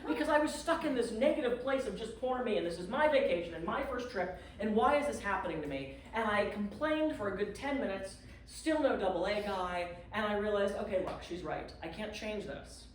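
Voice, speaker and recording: Woman guest speaker, animated self-mocking storytelling, live talk, distant mic, very echoey clubhouse room. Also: mid-range voice, fairly quick, few pauses, slight background noise. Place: community clubhouse event room.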